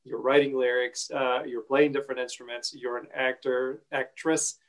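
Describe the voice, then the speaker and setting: A man hosting an interview, asking long rambling questions in an easygoing way with many pauses. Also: mid-range voice, level tone, low-quality recording. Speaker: interviewer and actor.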